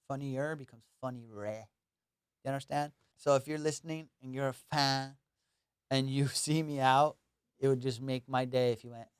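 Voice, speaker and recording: Man, young adult, comedy podcast host, high, rambling and jokey, smooth resonant voice, dry close sound. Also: normal speed, no room sound. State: high on cannabis. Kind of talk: casual solo podcast chat.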